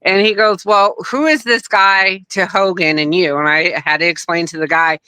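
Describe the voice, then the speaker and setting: A middle-aged woman, the daughter of a wrestler appearing as a guest, tells a personal story in casual conversation. Her fairly low voice is bright and smooth at a moderate pace, and she animatedly acts out other people's lines. The recording is dry with no room sound, and a bit rough.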